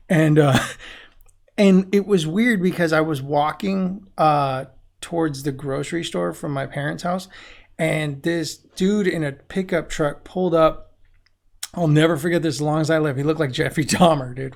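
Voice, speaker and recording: Gravelly, laughing male podcast host. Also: on the high side. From Mexican-American. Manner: animated, laughs often while telling a story. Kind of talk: casual chat, storytelling.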